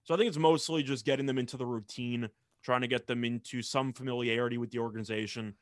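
A young man co-hosting a sports talk show, measured and analytical in his takes. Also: medium pitch, steady tone, no room sound.

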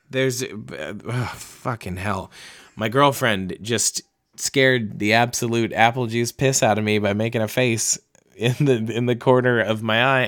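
A young man hosts a podcast where he reads books aloud, and here he chats in a loose, rambling way that's profane and self-mocking. His voice sits on the low side with a bit of brightness.

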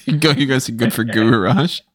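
A man's voice: medium pitch, fairly quick. A man co-hosting a casual wrestling chat, wry and laid-back, laughing often. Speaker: podcast co-host.

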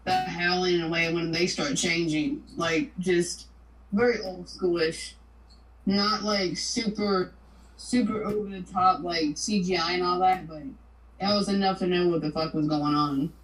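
A woman's voice: fairly low pitch, fairly even intonation, a little slow. A woman co-hosting a podcast, talking about a horror film bluntly and casually, with some swearing. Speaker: podcast co-host. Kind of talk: casual chat. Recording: echoey room.

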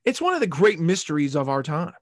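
A man's voice: a little high, very animated, fast talker, dry recording, clean studio sound. A man hosting a casual sports podcast, rambling and joking, ranting and swearing as he goes. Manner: rambling and jokey, swears and rants. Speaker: podcast host.

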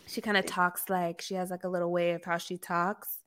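A woman co-hosting a casual chat, animated and acting out quotes with laughing jumps in pitch. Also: a little fast. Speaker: podcast co-host.

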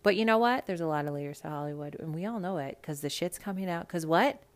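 A young woman hosting a casual reality TV recap, blunt, profane and animated. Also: lowish voice, quick pace. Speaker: podcast host.

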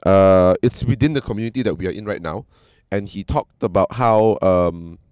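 Animated man telling stories, dry sound. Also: low-pitched, moderate pace, clean tone, no echo. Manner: animated, swears freely, often acts out quoted people. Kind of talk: casual storytelling chat.

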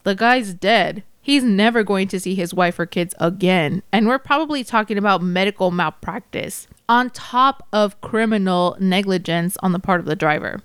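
A woman's voice: medium pitch, moderate pace, hardly any pauses, a bit bright, clean tone, no echo, studio quality, close to an everyday voice. A woman reading as a cynical male ambulance-chasing lawyer, in a wry, hard-boiled first-person storybook narration. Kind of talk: audiobook narration.

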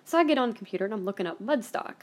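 Woman host, casual storytelling monologue, blunt and profane, rambling with fillers, mid-pitched voice. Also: lively intonation, very fast, darkish tone. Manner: chatty and blunt, swears freely; rambling, with many fillers and self-corrections. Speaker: podcast host.

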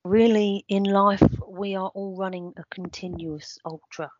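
Female co-host, deadpan absurd humour, dull dry audio. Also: mid-range voice, a little slow, no echo. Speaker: podcast co-host. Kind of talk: casual chat. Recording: dry, slightly dull sound.

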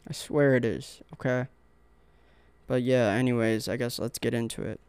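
A young man hosts his own podcast, rambling through profane stories and acting out what people said. His voice has a gravelly edge. It sounds dry and close, with no room in it. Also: medium pitch, fairly even intonation, normal speed, a little mellow, dry recording. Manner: rambling, profane storytelling with acted-out quotes. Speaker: podcast host. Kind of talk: casual solo podcast monologue.

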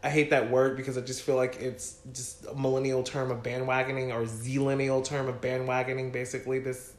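A man's voice: mid-range voice, flat delivery, a little fast. A man co-hosting a podcast from an apartment, ranting in casual chat with heated, profane emphasis. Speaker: podcast co-host. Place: apartment room. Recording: roomy echo.

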